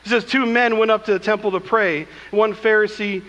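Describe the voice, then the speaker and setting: A man's voice: sits high, fairly even intonation, brisk, bright, forceful tone, long reverb tail, muffled recording. A man preaching a sermon as pastor, with emphatic asides and acted-out scripture quotes, speaking in a church. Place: church sanctuary.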